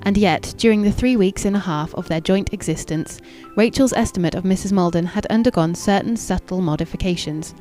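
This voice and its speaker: A woman narrating a classic novel in a measured, even and formal reading. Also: medium pitch, faint music behind. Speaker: audiobook narrator.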